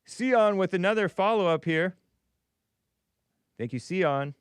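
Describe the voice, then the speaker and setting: A man's voice: high-pitched, lively intonation, slow, clear, resonant tone, no room sound. Chuckling, rambling male stream host. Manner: rambling, frequent chuckles, thinks aloud. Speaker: host of a live call-in stream. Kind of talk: casual live-stream commentary, reading viewer comments aloud.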